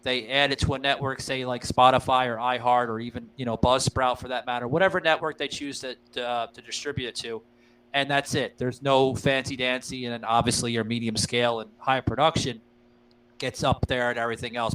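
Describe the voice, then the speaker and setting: A man's voice: medium pitch, steady tone, a little fast, fairly bright tone, clear, resonant tone, poor audio. A man hosting a podcast, talking loosely and profanely with a lot of fillers and laughs, and addressing the listeners as guys. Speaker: podcast host. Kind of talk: casual podcast chat.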